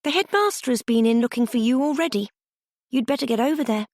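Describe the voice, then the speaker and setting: A woman voicing a normally cheery female kitchen supervisor who speaks briskly and curtly. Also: on the high side, a little mellow, no room sound, clean studio sound, pitched above the performer's own voice, close to an everyday voice. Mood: subdued urgency.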